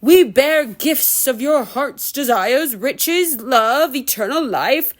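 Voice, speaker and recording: A woman's voice: high voice, expressive, takes it slowly. A woman voicing a sweet-voiced ogre who lures travelers with honeyed, coaxing words.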